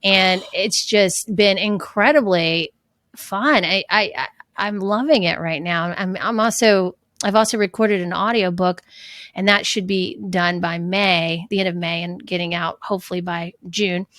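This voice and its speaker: A woman's voice: fairly low pitch, measured pace, fairly bright tone, no echo. A middle-aged woman, a fitness trainer and coach, chatting earnestly and reflectively as an interview guest. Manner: earnest, reflective, with frequent restarts. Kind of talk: casual interview conversation.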